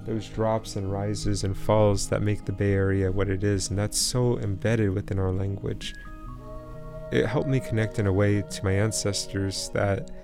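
A young man from the East Bay in California, narrating his people's language history with earnest, measured reflection. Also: lowish voice, fairly even intonation, vocal fry, music in the background. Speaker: language teacher.

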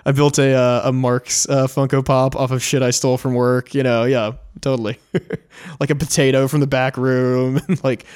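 A man's voice: medium pitch, flat delivery, moderate pace, a little mellow, clean tone. A young man co-hosting a podcast in casual chat, rambling and profane, laughing often. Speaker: podcast co-host.

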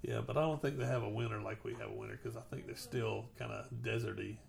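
Podcast co-host, woman, deep and heavily fried voice, casual and explanatory. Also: fairly even intonation, fast talker, gravelly, a little mellow. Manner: explains things step by step.

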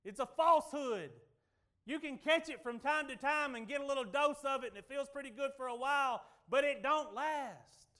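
A middle-aged man preaching a sermon, telling folksy stories and swinging from loud declarations to quiet asides. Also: extremely high pitch, normal speed.

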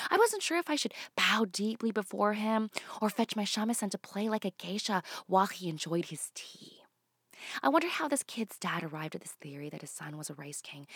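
A woman's voice: fairly low pitch, no echo. Dry-voiced woman doing stand-up. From Canada. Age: 30s. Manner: swings from hushed asides to loud exclamations. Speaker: stand-up comedian. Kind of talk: stand-up comedy monologue.

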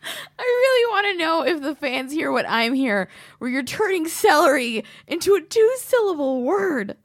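High-ish voiced woman, stoned and giggly, teasing her guest, dead dry mic. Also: sing-song, normal speed, no echo. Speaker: host. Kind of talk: casual podcast banter.

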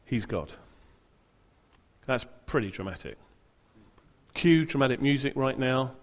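Male preacher, lively storytelling. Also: mid-range voice, normal speed, long reverb tail. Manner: dramatic, humorous storytelling. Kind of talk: sermon.

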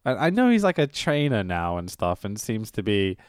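A man's voice: on the low side, big pitch swings, normal speed, smooth, dry recording, clean studio sound. A man co-hosting a casual podcast, swearing, laughing and acting out quotes as he reviews old wrestling shows. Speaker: podcast co-host.

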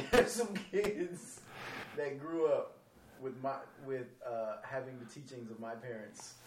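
A man's voice: medium pitch, fairly even intonation, a little slow, echoey room, recorded from a distance, background noise. A man born in Brooklyn who grew up moving around with the military, telling joking anecdotes in a casual chat. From born in Brooklyn, raised as a military child.

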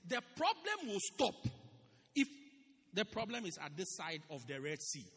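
A male pastor delivers an animated sermon in a church with a high, lively voice that rises and falls freely. He leans on repetition, saying key phrases again and again for emphasis. The sound carries a long church-hall reverb. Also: moderate pace, slightly rough.

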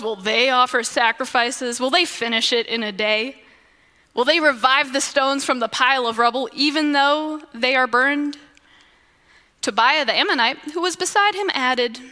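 A woman giving an expressive devotional Bible talk, slowing to a deliberate refrain at times. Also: sits high. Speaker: devotional speaker. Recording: long echoing reverb.

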